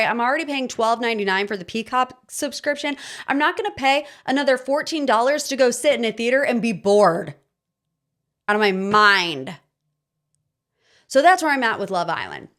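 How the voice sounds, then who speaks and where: A woman in her thirties hosting a podcast, giving casual pop-culture commentary in an animated, sarcastic, ranting manner. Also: fairly high pitch. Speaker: podcast host.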